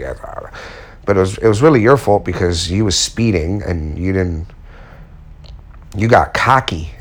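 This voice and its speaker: A man who works as a custom furniture maker, giving a blunt, slangy motivational talk and swearing casually as he goes. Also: sits low.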